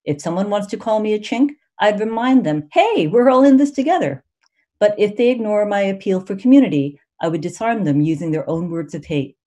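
A woman reading her own essay aloud at a student reading, measured and emphatic, with pointed pauses. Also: medium pitch, mellow. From United States. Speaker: MFA student reader.

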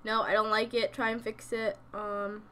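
A woman's voice: mid-range voice, level tone, normal speed, bright, forceful tone, a little hiss or hum. A young woman giving casual gameplay commentary from home, chatty and thinking aloud, often dropping to a murmur. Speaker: gaming YouTuber.

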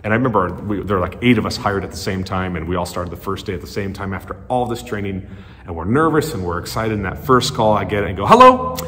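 A male pastor preaching a sermon in a conversational storytelling way, animated and acting out quotes. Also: sits low, quick pace. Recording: long church-hall reverb.

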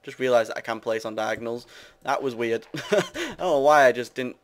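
A young man from the UK with a British accent talks his way through a building game, rambling and teasing his viewers. His voice sits at an ordinary middle pitch. Keyboard typing can be heard behind him. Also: expressive, a little fast. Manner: rambling, self-mocking, chatty with viewers. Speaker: gamer. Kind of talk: casual Let's Play commentary.

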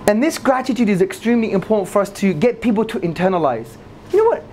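Animated man giving a religious lecture. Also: fast, slight background noise. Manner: animated, repeats key phrases for emphasis; swings between loud high emphasis and low asides. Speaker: Islamic lecturer.

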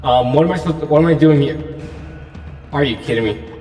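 A man's voice: fairly high pitch, brisk, warm tone, roomy sound, big-room sound, distant mic, faint music behind. A man nervously commenting while playing a horror game, repeating himself as he frets. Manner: anxious, repetitive muttering. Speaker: gaming YouTuber.

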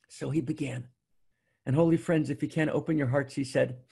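A man's voice: medium pitch, fairly even intonation, brisk, vocal fry, dark tone, slightly rough. A man giving a sermon as a spiritual teacher, telling a story emphatically and often checking in with the listeners. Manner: emphatic storytelling, keeps asking "right?".

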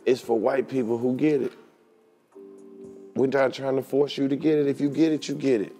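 A man's voice: mid-range voice, level tone, normal speed, mellow, faint music behind. A man co-hosting a comedy podcast, bantering and throwing leading questions to his partner. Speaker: podcast co-host. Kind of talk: casual comedic chat.

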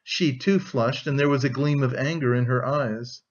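A man narrating an audiobook in a steady, measured way. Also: mid-range voice. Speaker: audiobook reader. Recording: dull lo-fi audio.

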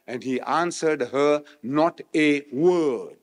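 A man from South Africa giving a public religious lecture, switching between loud rhetorical questions and quiet explanation. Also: fairly high pitch, expressive, slow pace. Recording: echoey hall, old remastered recording.

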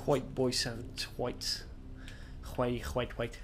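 A man's voice: mid-range voice, monotone, slow, music in the background. A young man giving crude, sarcastic gameplay commentary as a channel host.

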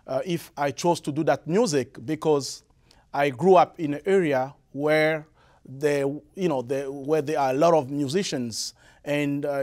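A young man from the Republic of the Congo with a Congolese French accent, answering interview questions in halting English with many restarts. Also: fairly high pitch, a little mellow. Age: young adult. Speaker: guest musician.

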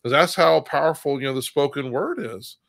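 A man's voice: fairly high pitch, brisk, creaky, a bit bright, no echo. A man co-hosting a casual Bible study discussion, rambling and acting out quotes with bursts of laughter. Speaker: co-host of a Bible study show.

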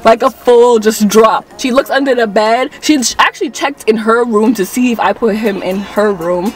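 A young woman vlogger telling a casual storytime tale in an animated, dramatic way, full of slang and swearing. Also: on the high side, moderate pace, breathy edge, recorded from a distance.

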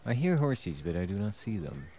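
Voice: low voice, very animated, moderate pace, warm tone. A young adult streamer giving live gameplay commentary, talking to themselves, swearing freely and laughing often.

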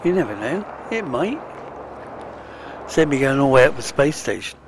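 A man's voice: mid-range voice, very animated, moderate pace, slight background noise. A British man giving casual, chatty commentary while playing a space exploration game, chuckling and muttering to himself as he goes. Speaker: let's play gamer.

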